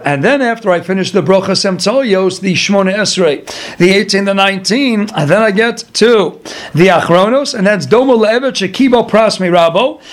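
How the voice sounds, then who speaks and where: A man's voice: high voice, animated, normal speed. A man teaching a Torah lecture as a rabbi. He asks rhetorical questions and acts out pleas as little dialogues.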